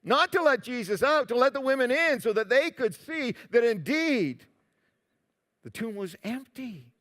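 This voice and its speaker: High-voiced animated male pastor preaching. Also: unhurried. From Canada. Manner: animated, swings between loud emphatic lines and quiet asides. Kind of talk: sermon.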